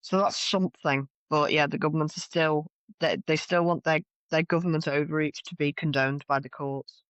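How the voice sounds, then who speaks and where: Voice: medium pitch, fairly even intonation, normal speed, fairly bright tone, dry recording, highs cut off. A co-host from North West England on a political podcast, chatting casually with dry, sarcastic asides.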